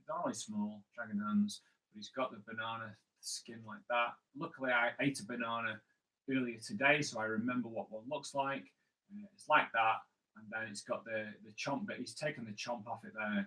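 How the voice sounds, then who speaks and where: A man's voice: on the low side, fairly even intonation, moderate pace, bright, forceful tone, rough recording. A man hosting a live drawing stream, chatting playfully with viewers and thinking aloud as he draws. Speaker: comic artist host.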